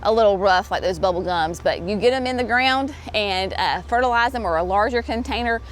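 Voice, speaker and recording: A woman's voice: mid-range voice, fairly quick. Woman host, chatty and upbeat, nursery walkthrough, faint outdoor hum behind. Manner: chatty, enthusiastic, says y'all. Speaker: garden center host. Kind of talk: casual walkthrough video.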